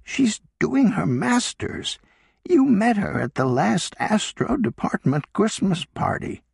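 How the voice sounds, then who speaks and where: A man's voice: high-pitched, very animated, takes it slowly, gravelly, a little mellow, husky, no echo, studio quality, voice pushed up, exaggerated voice. A man voicing an elderly woman astronomer who sounds breathless and disbelieving.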